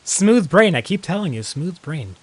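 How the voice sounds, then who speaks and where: This man's fairly high voice swings widely in pitch, with a husky quality and a moderate pace. Casually commentating on a game he's streaming, he rambles, leans heavily on "like," and reacts jumpily whenever something surprises him.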